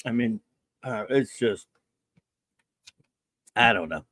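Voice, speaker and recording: A man's voice: medium pitch, slow pace, vocal fry, a bit bright, dry recording. Dry-humored male podcast host. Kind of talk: casual review chat.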